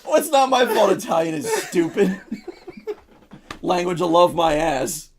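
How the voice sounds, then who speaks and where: Animated New Jersey man ranting for laughs. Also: high-pitched, a little slow, background noise. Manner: ranting, mock-outraged storytelling. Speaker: podcast co-host. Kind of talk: comedic casual chat.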